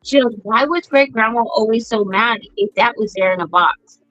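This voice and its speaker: A woman's voice: fairly high pitch, moderate pace, a bit bright, no room sound. Blunt, foul-mouthed woman telling stories. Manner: blunt, profane storytelling. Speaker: podcast host. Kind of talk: casual chat. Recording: dull lo-fi sound.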